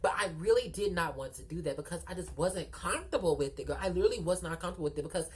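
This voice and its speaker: A woman telling a story to her viewers in a sassy, animated, chatty way, often calling them girl and y'all. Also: lowish voice, very fast. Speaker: storytime vlogger. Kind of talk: casual storytelling to the camera.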